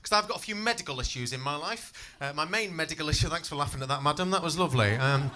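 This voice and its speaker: On a club stage, a man in his twenties performs stand-up, cheeky and self-deprecating, swearing freely and bantering with the audience. He talks quickly in a fairly high, sharp voice, with a little hiss or hum in the recording.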